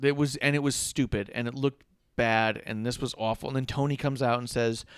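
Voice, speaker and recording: A man's voice: medium pitch, steady tone, brisk, clean tone, no room sound, studio quality. A man co-hosting a casual wrestling talk show, ranting with sarcasm and swearing freely. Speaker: podcast co-host.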